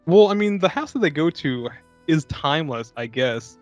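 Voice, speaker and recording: A young man riffs on a movie as a podcast co-host, sarcastic and quick with a joke. His voice sits a touch high. Faint music plays under the talk. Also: lively intonation, darkish tone, no room sound, highs cut off. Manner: jokey, sarcastic, breaks into mocking impressions. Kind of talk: casual movie-riffing chat.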